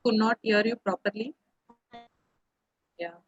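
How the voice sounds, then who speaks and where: A woman hosting a webinar over a video call, talking haltingly with many fillers. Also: medium pitch, lo-fi sound, faint music behind. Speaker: webinar host.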